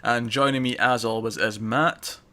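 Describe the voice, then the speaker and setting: Bright-voiced male podcast host. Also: medium pitch, steady tone. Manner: chatty, reads lists briskly with fillers. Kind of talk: casual podcast chat.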